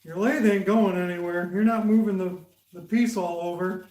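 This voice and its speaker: A man turns pens on a lathe in his workshop, casually chatting with livestream viewers by name and reading their comments aloud. His voice sits high with a darkish tone, a steady delivery and a moderate pace. A camera beside the lathe captures roomy workshop echo.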